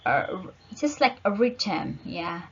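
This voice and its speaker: Slow husky lady teacher giving a lecture, lots of uhs, kinda muffled audio. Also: mid-range voice, very animated. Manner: slow, searching for words with fillers. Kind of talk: online lecture.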